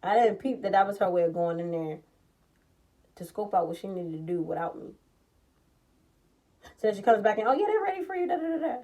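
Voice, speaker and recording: A young woman in a casual storytime vlog recounts her own experience heatedly and with plenty of swearing, acting out the dialogue with energy. Her voice is lowish.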